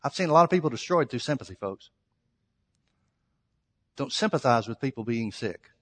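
A man's voice: medium pitch, expressive, moderate pace, fairly bright tone. A male pastor preaching a sermon, emphatic and storytelling, acting out quoted exchanges. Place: church sanctuary. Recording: long hall reverb.

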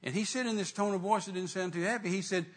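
A man's voice: high-pitched, fairly even intonation, fast talker. A man preaching a sermon, retelling a conversation and acting out the dialogue. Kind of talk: sermon storytelling.

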